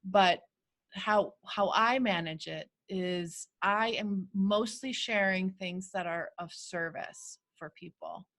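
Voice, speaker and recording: A woman who teaches spirituality, co-leading an online healing circle in a thoughtful, measured way with frequent fillers. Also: medium pitch, fairly bright tone. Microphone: video call.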